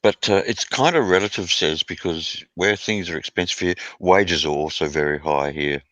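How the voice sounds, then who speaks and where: A man's voice: low voice, normal speed, fairly bright tone, no echo, rough recording. A man in a casual chat, a little hesitant and apologetic. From Australia.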